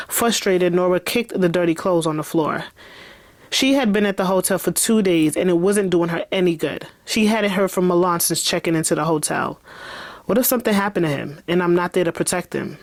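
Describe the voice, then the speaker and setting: Her fairly low voice comes through without echo as this novelist reads from her own book, regularly breaking off to talk frankly and casually, with laughter and the odd curse along the way.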